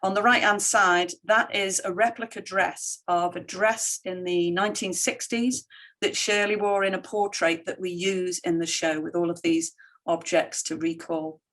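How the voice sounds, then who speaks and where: A middle-aged woman giving a conference keynote with slides, telling stories in an animated way and quoting others in lively voices. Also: fairly low pitch, measured pace. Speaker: keynote speaker.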